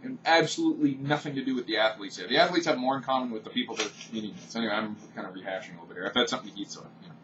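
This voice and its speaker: A man's voice: medium pitch, racing, hardly any pauses, a bit bright, a little hiss or hum. A man from Canada, ranting off the cuff in a blunt, profane vlog monologue. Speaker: vlogger. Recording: distant, dull home-recorded audio.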